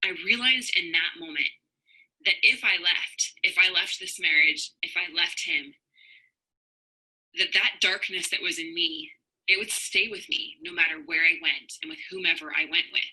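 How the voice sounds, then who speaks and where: A woman's voice: fairly low pitch, animated, normal speed, sharp tone, slight background noise, low-quality recording. A woman in her thirties, a marriage coach, speaking straight to viewers in an earnest, personal livestream talk. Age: 30s. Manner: earnest personal storytelling, addresses viewers directly.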